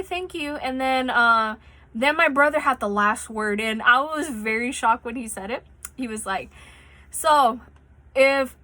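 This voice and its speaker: Bright, chatty young woman telling a story. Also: fairly high pitch. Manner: rambling, chatty, swears freely. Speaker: vlogger telling a personal story. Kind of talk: casual storytelling monologue. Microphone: phone mic.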